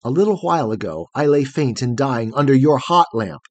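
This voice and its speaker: A man doing a gentle, soothing night girl. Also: mid-range voice, expressive, a little fast, no room sound. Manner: soothing, earnest pleading.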